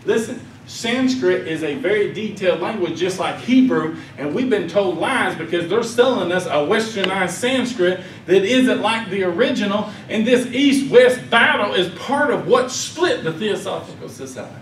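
A man giving a conference lecture. He tells animated stories and acts out quoted voices. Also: high voice, moderate pace, few pauses, far from the mic, a little hiss or hum. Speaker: conference speaker. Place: conference hall. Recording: echoey hall, speaker off mic.

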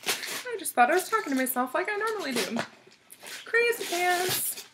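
A woman's voice: high voice, sing-song, fast talker, background noise. Bubbly young woman gushing over gifts. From United States. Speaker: vlogger opening a swap package. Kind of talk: casual excited unboxing chat.

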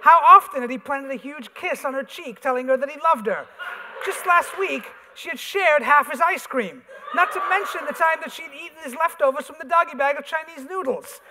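A man, an author, reading his comic essay aloud on a theater stage with wry, animated storytelling. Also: extremely high pitch, normal speed, background noise. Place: theater stage before an audience. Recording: reverberant theater hall.

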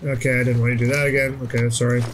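A man playing a video game on camera, chatting casually and excitably, swearing when things go wrong and quickly apologizing, with game music faintly behind. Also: medium pitch. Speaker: let's play gamer. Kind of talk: casual gameplay chat.

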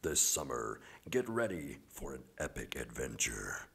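A man doing a dramatic movie-trailer announcer in a hushed, portentous delivery. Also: a bass voice, very animated, measured pace, breathy edge, voice pushed down, heavily acted. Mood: ominous.

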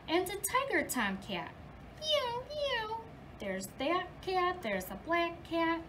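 High, lively preschool teacher reading aloud. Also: female voice, slight background noise, poor audio. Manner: expressive storybook reading with animal noises. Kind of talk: reading a picture book aloud to young children.

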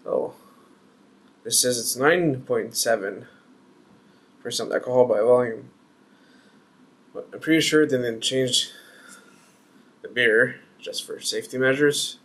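A man's voice: mid-range voice, slow, pauses often, fairly bright tone. A man reviewing a beer on camera, chatty and joking as he thinks aloud. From Canada.

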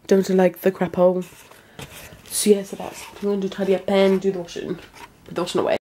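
This is a casual at-home vlog by a British woman in her twenties who rambles and speaks right to her viewers. Her voice is medium-pitched, fast, darkish and fairly even in intonation.

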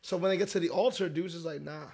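A man's voice: sits high, quick pace, a little mellow, breathy edge. A man co-hosting a podcast, casually and agreeably recounting a dating show. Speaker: podcast co-host.

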